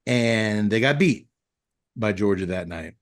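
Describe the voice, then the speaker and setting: A man's voice: lowish voice, measured pace. Joking man hosting a podcast. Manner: joking, deadpan storyteller. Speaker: podcast host. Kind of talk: casual podcast chat.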